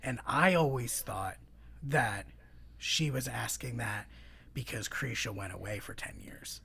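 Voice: mid-range voice, measured pace, gravelly, sharp tone. A podcast co-host chatting casually and thoughtfully about a film, with dry asides.

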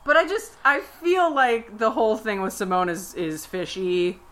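A woman's voice: medium pitch, moderate pace, fairly bright tone. A woman co-hosting a podcast, chatting casually in a rambling way full of restarts and asides. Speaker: podcast co-host. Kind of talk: casual chat.

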